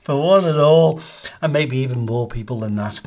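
A man's voice: mid-range voice, normal speed, darkish tone. Rambling man, jokey host. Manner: jokey, rambling mock-grand introductions. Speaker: podcast co-host. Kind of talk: casual comic chat. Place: at home.

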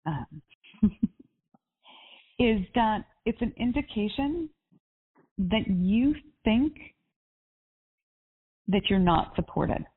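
A woman's voice: medium pitch, expressive, extremely slow, pauses often, husky. A woman life coach on a coaching call, chatty and upbeat, with lots of casual fillers. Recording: tinny phone line.

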